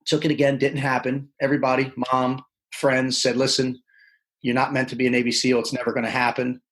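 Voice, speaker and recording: A man telling his life story as a podcast guest, animated, acting out the people he quotes. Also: medium pitch, brisk, poor audio. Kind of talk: casual storytelling interview.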